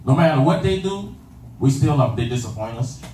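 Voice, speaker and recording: This sermon comes from a man with a slightly high, darkish voice, delivered animatedly and fairly quickly. He repeats phrases and asks his congregation "you understand that?" in call-and-response fashion. The recording is far off in an echoey room, with faint ambience and a little hiss or hum.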